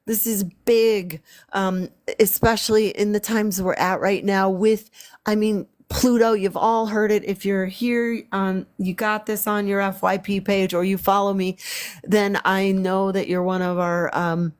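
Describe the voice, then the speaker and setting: A woman's voice: medium pitch, fairly even intonation, measured pace, clear, resonant tone. A woman talking casually on a spiritual livestream as an artist and healer, meandering and repeating phrases with frequent ums.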